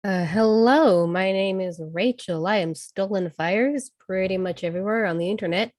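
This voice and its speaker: A woman's voice: medium pitch, moderate pace, a little mellow, no room sound. Woman getting over a cold, dry sound. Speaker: player, game master. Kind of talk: casual introduction chat.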